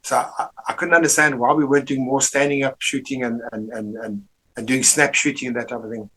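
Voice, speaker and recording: A man's voice: mid-range voice, fairly even intonation, a little fast, bright, forceful tone, husky, rough recording. A man, an army veteran guest reminiscing in a rambling way, full of restarts and salty slang. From Rhodesia. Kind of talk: casual reminiscing interview.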